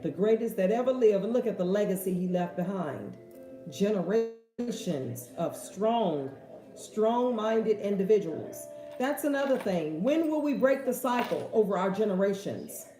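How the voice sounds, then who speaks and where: A woman's voice: mid-range voice, animated, brisk, hardly any pauses, mellow, faint music behind. A woman hosting a casual question-and-answer talk, with an emphatic, preachy, folksy way of speaking. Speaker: host. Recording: echoey room.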